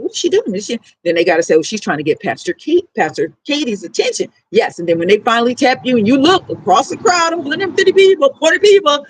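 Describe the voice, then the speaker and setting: A woman's voice: medium pitch, low-quality recording. A woman with a New Orleans accent, talking bluntly and profanely in a rambling livestream monologue. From New Orleans, USA.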